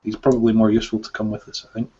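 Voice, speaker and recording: A man's voice: lowish voice, flat delivery, very fast, noisy background. A man playing a tabletop game, chatty and joking as he thinks aloud, in a dull lo-fi recording. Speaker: player. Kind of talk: casual tabletop game chat.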